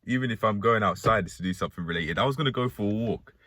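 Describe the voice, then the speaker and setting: A man's voice: on the low side, very fast, bright, forceful tone, no echo, clean studio sound. A man vlogging from inside a car, rambling aloud to himself in a musing, profane, joking way. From Britain. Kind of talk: rambling self-talk monologue.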